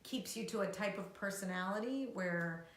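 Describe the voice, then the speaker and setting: A woman co-hosting a live talk, animated and quick to act out little quoted voices, swearing freely. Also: mid-range voice. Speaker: co-host, coach. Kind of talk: live-streamed casual talk. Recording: echoey room.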